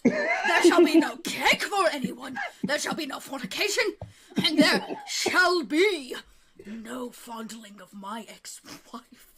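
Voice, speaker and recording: A flustered, jealous king, as a woman puts him on, bellows his decrees at a dragging, stately pace for a tabletop game. The voice is bright and swoops widely in pitch. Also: very animated, takes it slowly, heavily acted. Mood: outraged.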